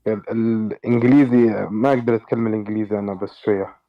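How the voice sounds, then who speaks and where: A male caller speaks in a hesitant, halting way. His voice sits fairly low and comes at a rapid pace. It arrives over a muffled, lo-fi call line. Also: fairly even intonation. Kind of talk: call-in conversation.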